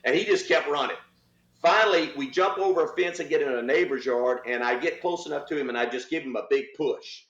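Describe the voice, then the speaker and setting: A man's voice: a little high, a little fast. An older man, a retired police officer, telling a story in an interview, acting out the voices of the people in it. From Texas. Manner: animated storyteller, acts out voices. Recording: roomy, slightly dull sound.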